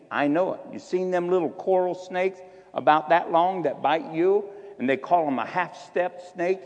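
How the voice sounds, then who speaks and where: A man with a slightly mellow voice on the high side preaches a sermon, exhorting the congregation. He shifts between slow, drawn-out emphasis on key words and quick asides, recorded with long hall reverb.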